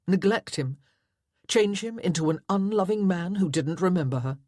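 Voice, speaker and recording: A woman's voice: lowish voice, normal speed, a little mellow, no echo, clean studio sound. A woman narrating a historical romance audiobook in a dramatic, tense storytelling manner. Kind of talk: scripted narration.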